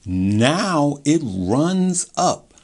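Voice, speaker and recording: A man's voice: on the high side, sing-song, extremely slow, darkish tone, slightly rough. A man hosting his own stock market video, talking in a hyped, rambling way that breaks off and restarts. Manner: hyped, rambling, self-interrupting. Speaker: stock market channel host. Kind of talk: casual investing video talk.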